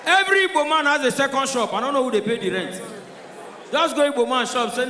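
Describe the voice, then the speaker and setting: A high-voiced man with a Nigerian accent does a stand-up comedy routine, telling his stories in Pidgin. He acts out the characters as he goes. He is heard from far off in a roomy hall with a long echo. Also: animated, fast talker, pushed and bright. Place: live comedy show venue.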